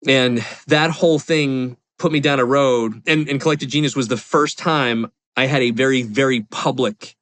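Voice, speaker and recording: A man's voice: mid-range voice, moderate pace, few pauses, a bit bright, no room sound. A man in his forties, a podcast guest, telling a personal story candidly in a rambling, confessional way with lots of fillers. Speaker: podcast guest, real estate investor.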